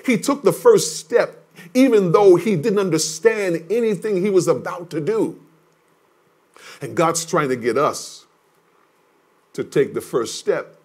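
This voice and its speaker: A male pastor preaching a sermon, emphatic and repetitive, dropping from loud declarations to hushed words. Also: sits high, husky. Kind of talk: livestreamed sermon teaching.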